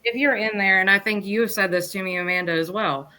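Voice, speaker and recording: Bright-voiced woman chatting casually. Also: medium pitch, fast talker. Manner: rambling, lively, restarts mid-sentence. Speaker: podcast guest, reseller. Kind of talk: casual chat.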